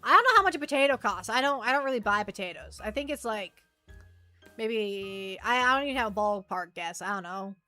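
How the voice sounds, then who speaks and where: A woman's voice: medium pitch, animated, fairly quick, sharp tone, dry recording, faint music behind. A woman streaming as a VTuber, chatting casually with her viewers and reading the chat aloud, often trailing off and restarting.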